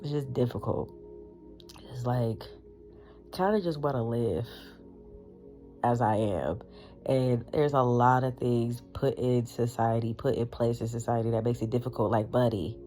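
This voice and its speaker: A woman's voice: rumbling low, measured pace, long pauses, warm tone, faint music behind. A woman in her thirties talking bluntly to camera in a candid personal monologue, emphatic and full of profanity. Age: 30s. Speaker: vlogger.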